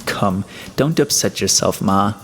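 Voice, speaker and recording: A man's voice: fairly low pitch, animated, a little slow, fairly bright tone, a little hiss or hum. A man voicing a menacing, mocking middle-aged schemer in a storybook reading, familiar and cajoling.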